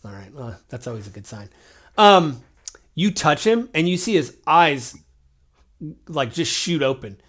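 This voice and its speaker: A man's voice: on the high side, expressive, unhurried, pauses often, fairly bright tone. A man running a tabletop game as game master, narrating loosely with lots of fillers. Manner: loose, rambling, full of fillers.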